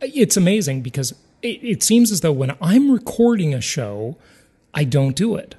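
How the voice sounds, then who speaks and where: A male podcast host with a fairly high voice that swings widely in pitch. He chats easily with his guest, pokes fun at himself and laughs often. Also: big pitch swings, moderate pace, warm tone, slightly rough. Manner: chatty and self-deprecating, laughs easily. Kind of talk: casual podcast interview.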